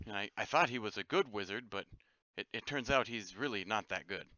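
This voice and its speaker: A jittery young wizard's apprentice, put on by a man, stumbling over his words with a low, bright, forceful voice. The sound is dull and lo-fi, close and dry. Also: brisk, slight background noise. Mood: nervous. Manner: hesitant, stammering. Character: nervous young male wizard's apprentice, fidgety.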